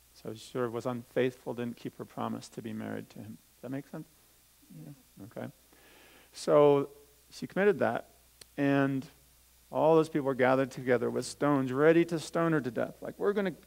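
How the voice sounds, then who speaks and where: Giving a children's talk in a church sanctuary, a pastor reads a scripture passage aloud in a gravelly, mid-range voice with a darkish tone. He pauses to explain difficult words simply for the kids, and the recording quality is low.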